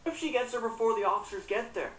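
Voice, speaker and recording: A woman's voice: on the high side, expressive, fast talker, far from the mic. A woman recounting a news story and reacting with indignation and frequent swearing. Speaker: commentator. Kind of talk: reaction commentary. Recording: roomy echo, off-mic, faint hum.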